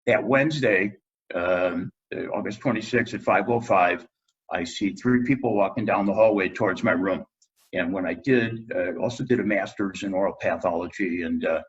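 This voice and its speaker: A middle-aged dentist, appearing as a guest on a podcast, tells a personal story with animation and acts out what people said. His voice is on the low side and slightly rough, and the audio sounds dull.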